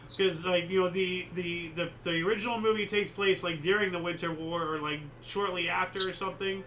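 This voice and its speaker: A man's voice: sits high, steady tone, fairly quick, fairly bright tone, rough recording. A man hosting a casual history chat show, reading out dates and chatting about them in a rambling, opinionated way with many fillers. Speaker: host.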